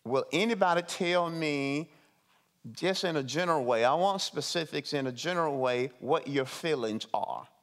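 A man leading a meeting as his organization's CEO, talking to his staff in a slow, emphatic way, repeating phrases and putting questions to them. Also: fairly high pitch, fairly bright tone.

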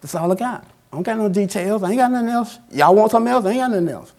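A man's voice: sits high, lively intonation, racing, darkish tone. A man preaching a sermon as pastor, in a colloquial, folksy style, repeating phrases in a call-and-response cadence.

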